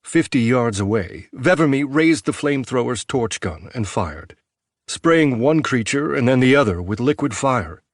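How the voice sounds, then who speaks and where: A man reads a post-apocalyptic audiobook in a measured, even narration at a middle pitch. The recording is dry and close, with no room sound. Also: no room sound.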